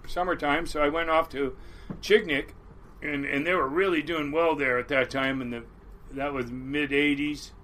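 Bright-voiced older fisherman spinning yarns. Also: on the high side, a little hiss or hum. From Washington State, US. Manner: rambling yarn-spinner, salty and blunt. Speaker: crab boat captain, guest. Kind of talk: casual storytelling interview.

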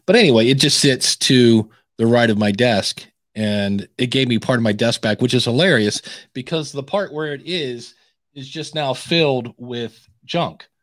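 Dry-miked animated male podcast co-host. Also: mid-range voice, normal speed, no room sound. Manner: animated storyteller, laughs easily. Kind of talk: casual live-stream chat.

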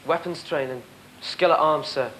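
A man's voice: on the high side, normal speed, a bit bright, a little hiss or hum, natural voice, rough recording. A man playing a dutiful young cadet. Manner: clipped, obedient "sir" replies. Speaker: army cadet.

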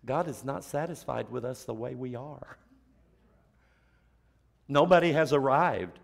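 A man preaching a sermon as pastor, firing off rhetorical questions and dropping to a hushed near-whisper for emphasis. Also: mid-range voice, a little slow, vocal fry, long pauses. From United States.

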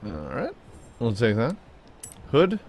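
Playful gamer guy, lively swooping voice. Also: slow, a little hiss or hum. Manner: playful, chatty, talks to the car and viewers, jumps into high silly tones. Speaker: gaming YouTuber. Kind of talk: casual gameplay commentary.

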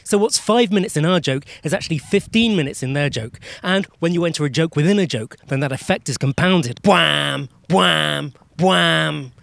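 A man telling a long, rambling joke as a scripted comic monologue in a deadpan way. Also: a little high, fairly quick, hardly any pauses, no echo. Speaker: comedian, narrator.

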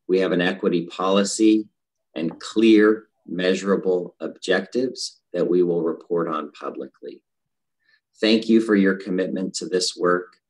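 Male district head, low voice; measured, formal delivery. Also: low-quality recording. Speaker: school district leader. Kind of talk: formal recorded address.

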